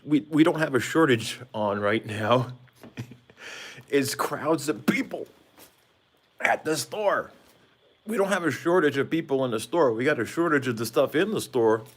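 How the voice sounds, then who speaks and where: Talking at normal speed in a mid-range voice with lively intonation, the vlogger chats loosely with his live-stream audience, cracking jokes as he goes. He is outside on a side porch, speaking into a handheld phone.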